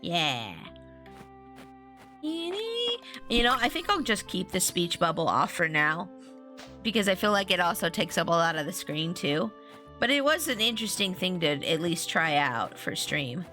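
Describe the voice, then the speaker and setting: A woman streamer talks casually to her chat while playing a farming game. Her voice sits fairly low yet sounds bright and forceful, and she rambles, cutting herself off and starting over. Soft game music runs faintly beneath her. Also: very animated, a little slow. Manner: rambling, chatty, often restarting sentences; talks to viewers and reads chat aloud. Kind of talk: casual live-stream chatter.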